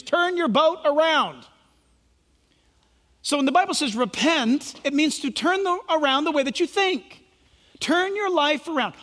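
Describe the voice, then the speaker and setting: Male pastor, high animated voice, emphatic preaching style, reverberant hall sound. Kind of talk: sermon.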